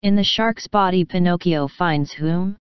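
A woman narrating a children's classic as an audiobook reader, gently addressing the listening children. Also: on the low side, measured pace, smooth, no room sound. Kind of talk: scripted storybook narration. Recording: slightly muffled, dry.

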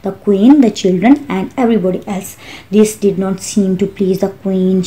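A woman narrates a classic storybook in a slow, careful reading style. Her voice is mellow and warm, sitting at a middle pitch. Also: little pitch movement, low-quality recording. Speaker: audiobook narrator.

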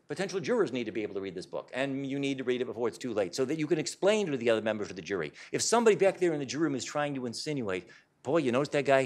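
Fast-talking man giving an emphatic lecture. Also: mid-range voice. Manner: emphatic, insistent. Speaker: author giving a public talk. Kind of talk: public lecture to an audience. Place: hall with a live audience.

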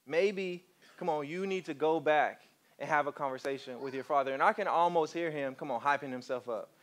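Man preaching, fairly high voice, animated storyteller who keeps coaxing the crowd. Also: brisk. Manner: animated storytelling, coaxes the congregation. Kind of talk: sermon.

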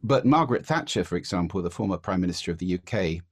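A man's voice: sits low, lively intonation, fast, breathy edge, no echo, studio quality. A man answering interview questions about the voice, explaining and demonstrating voice techniques. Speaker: voice expert guest.

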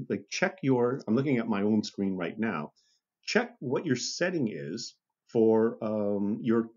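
Low husky instructor, lo-fi. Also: male voice, a little mellow. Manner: conversational, checks in with "okay?" and "right?"; restarts and self-corrections. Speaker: university instructor. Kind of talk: recorded online lecture.

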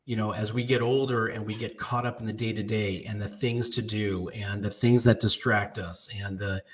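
A man in his late fifties co-hosting a podcast, speaking haltingly with many restarts and close to tears. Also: on the low side, fairly even intonation, distant mic, slight background noise. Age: 50s. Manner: halting, many restarts, tearing up as he tells a story. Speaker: podcast co-host. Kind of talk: casual podcast chat.

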